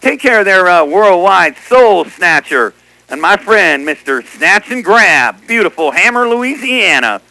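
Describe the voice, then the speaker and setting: Man, CB operator, high voice, dry close sound, teasing repeat-back banter. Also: big pitch swings, measured pace, bright, forceful tone, no room sound, rough recording. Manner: teasing, repeats what others said on air. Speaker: CB radio operator. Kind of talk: casual radio chatter.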